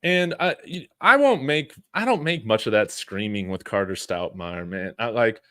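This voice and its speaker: Male sports streamer, low voice, dry close sound, loose rambling chat with fillers. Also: normal speed, dry recording. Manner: relaxed, rambling, frequent fillers and chuckles. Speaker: sports channel host. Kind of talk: casual live-stream chat reading super chats.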